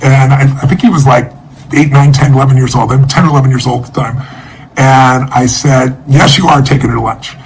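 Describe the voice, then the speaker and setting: A man, a motivational speaker, telling a personal story and making a charity appeal in an emotive, energetic way. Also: mid-range voice, fairly quick, a little hiss or hum, low-quality recording.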